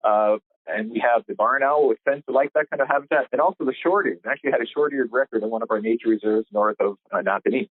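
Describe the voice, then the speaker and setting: A man, a biologist, explaining things in a measured way with frequent pauses on a conference call. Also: mid-range voice, breathy edge, no room sound. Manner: measured, hesitant fillers. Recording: tinny phone line, dry.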